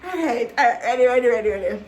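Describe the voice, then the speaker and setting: A woman's voice: fairly high pitch, lively intonation, rapid-fire, slight background noise. A woman vlogger taking on a tongue-twister challenge, giggling and stumbling over the words.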